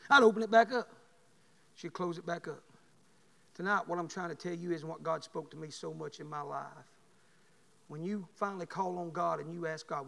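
A man preaching a sermon, telling folksy stories and rising to loud bursts. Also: high voice, vocal fry, big-room sound.

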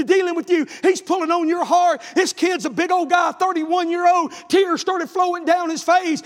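A middle-aged man, preaching a revival sermon in a church, shouting his stories fervently. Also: very high voice, long reverb tail.

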